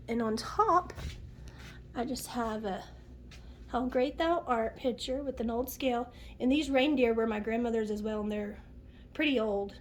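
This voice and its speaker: A woman's voice: a little high, slight background noise. Nasal, sniffly woman. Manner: chatty, homey, lists items one by one. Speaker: home decor vlogger. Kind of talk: casual home tour narration.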